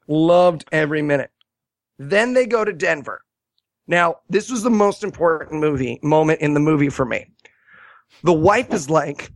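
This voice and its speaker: In a casual, comedic movie-review chat, a podcast co-host with a high voice riffs sarcastically, telling the story with animation and quoted asides. He speaks at a normal speed, and the recording is dry.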